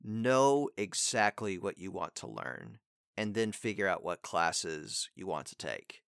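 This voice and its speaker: Voice actor guy chatting, bright ringing voice, dry close mic. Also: deep voice, sing-song, slow, vocal fry, clean tone, dry recording. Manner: loose, rambling advice with fillers and acted line readings. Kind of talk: casual chat.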